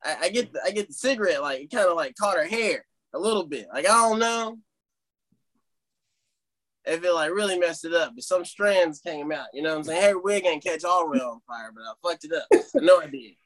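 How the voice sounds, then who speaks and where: A young man casually telling a funny story to friends on a podcast, animated and laughing along. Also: on the high side, brisk. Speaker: podcast co-host.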